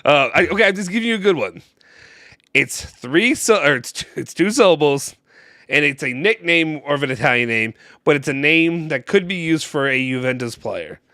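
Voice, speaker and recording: A man's voice: a little high, animated, moderate pace, sharp tone, no echo, clean studio sound. A young man co-hosting a fan live stream, joking and teasing with a laugh in casual chat. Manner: playful, laughs often, teasing.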